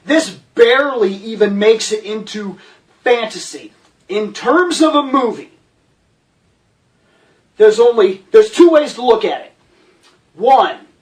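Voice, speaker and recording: A man's voice: high-pitched, far from the mic. A man hosting a ranting movie review, profane, sarcastic and exasperated. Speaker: host.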